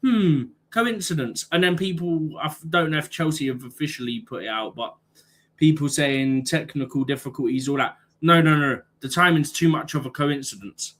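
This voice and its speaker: A man's voice: fairly high pitch, normal speed, fairly bright tone. A young man co-hosting a football live stream in casual chat, arguing his points emphatically with rhetorical questions.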